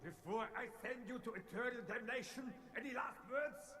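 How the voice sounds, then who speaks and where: An actor playing a zealous, fanatical vampire-hunter leader in a video game, making booming preacher-like threats. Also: male voice, normal speed, bright, forceful tone. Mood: menacing. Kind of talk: game voice acting.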